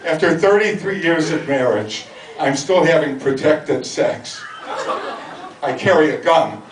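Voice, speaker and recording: An older stand-up from the Chicago area, USA, tells dry, self-deprecating punchlines in a comedy club. His voice is a little high and animated, and he keeps a measured pace. The sound is echoey, distant, and noisy.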